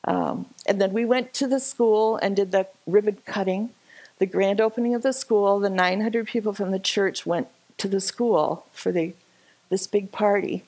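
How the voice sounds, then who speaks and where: Woman at church telling a trip story, chatty, laughs a lot, mid pitch. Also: moderate pace, poor audio. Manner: chatty, laughing often, animated. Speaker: church speaker sharing a trip slideshow. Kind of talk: casual storytelling talk. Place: church service.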